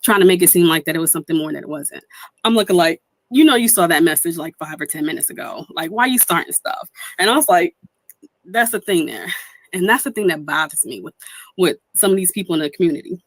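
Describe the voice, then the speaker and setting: A woman's voice: lowish voice, expressive, fast, no room sound. A young woman streamer giving heated commentary, indignant and swearing, mimicking people she quotes.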